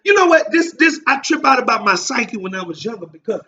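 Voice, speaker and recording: A male pastor preaching a sermon, shouting emphatic lines and drawing responses from the listeners. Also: very high voice, very animated, fairly quick, slight background noise. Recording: distant mic, dull lo-fi sound.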